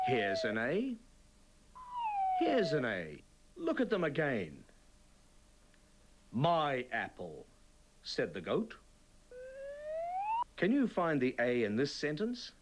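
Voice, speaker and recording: A man presenting a children's TV reading lesson, speaking slowly and clearly in an encouraging, sing-song way. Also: medium pitch, background noise.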